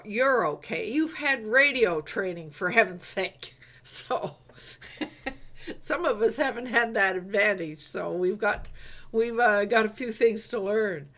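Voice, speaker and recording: Host, woman, slow and halting delivery, casual group video chat. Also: mid-range voice, a bit bright. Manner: slow, hesitant, many fillers and laughs. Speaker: host of an online group meeting.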